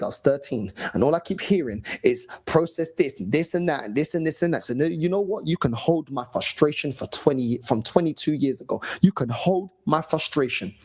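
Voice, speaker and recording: A man's voice: on the high side, darkish tone, husky, poor audio. A man in his thirties with a London accent, ranting and swearing as host of a fan call-in show, mocking other fans. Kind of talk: angry fan rant.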